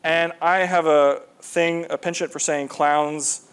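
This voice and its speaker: A man's voice: a little high, steady tone, takes it slowly, fairly bright tone, clean tone. A man giving a casual live presentation to an audience, talking loosely with lots of fillers and repeats. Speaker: conference presenter.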